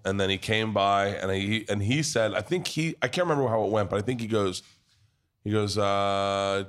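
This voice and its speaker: A man's voice: lowish voice, a little fast, fairly bright tone. Man, podcast host, swears a lot and spins big stories. Casual pub chat. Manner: rowdy, profane storytelling.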